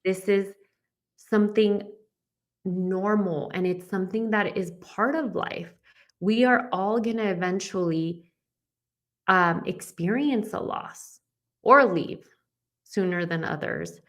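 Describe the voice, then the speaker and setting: A woman's voice: mid-range voice, slow, long pauses, a bit bright. A woman life coach appearing as a guest, speaking in an affirming, encouraging way. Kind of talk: casual conversation.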